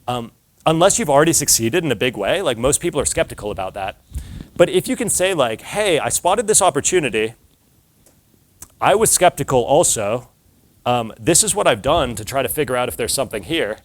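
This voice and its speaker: A man's voice: mid-range voice, expressive, a little fast. A man giving a casual talk to an audience, telling stories with lots of filler words and acted-out dialogue.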